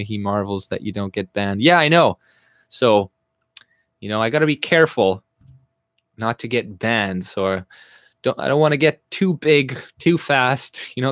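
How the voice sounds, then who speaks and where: A man's voice: mid-range voice, a bit bright, dry recording, studio quality. A young man from Canada hosting a casual livestream, talking bluntly with a lot of swearing, rambling, and reading the chat aloud as he answers it. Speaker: livestream host.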